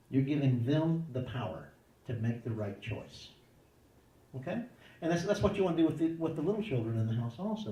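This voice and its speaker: A man with a fairly high, warm voice answers parenting questions conversationally, acting out little dialogues in changing voices. The recording is rough and reverberant, with a distant mic.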